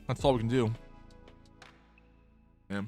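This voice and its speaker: A man's voice: mid-range voice, steady tone, slow, mellow, soft background music. A man streaming a game who reads the story text aloud and chats in a rambling way, laughing easily. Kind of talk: casual play-along narration of a visual novel.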